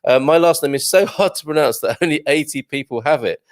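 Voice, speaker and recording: A man's voice: a little high, fairly quick, dry recording, clean studio sound. A man hosting a live morning show, chatting jovially and reading out viewer comments. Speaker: show host.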